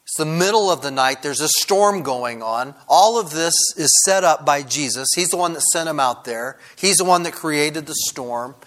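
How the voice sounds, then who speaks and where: Guy pastor giving a sermon, chatty, lots of uh and kind of, slightly high voice. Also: expressive, normal speed, hardly any pauses, fairly bright tone. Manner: conversational, frequent "kind of" and "uh" fillers.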